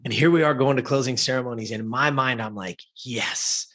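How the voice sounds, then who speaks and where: A man with a husky, middle-pitched voice tells an emotional personal story as a podcast guest. He is animated and often turns to speak straight to the listeners. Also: fast. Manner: animated, addresses listeners directly.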